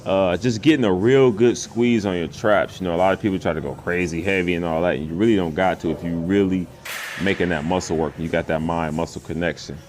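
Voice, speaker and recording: Guy with a real low voice talking thru his gym routine, laid back, says stuff twice, loose slangy talk. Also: steady tone, fast talker, darkish tone. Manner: laid-back, repeats words, loose casual grammar. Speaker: fitness vlogger. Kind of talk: voice-over commentary on a workout.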